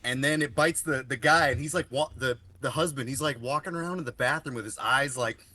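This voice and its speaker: Bright-voiced man rambling on a podcast. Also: mid-range voice, a little fast. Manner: rambling, heavy on fillers and swearing. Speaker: podcast co-host. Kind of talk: casual chat.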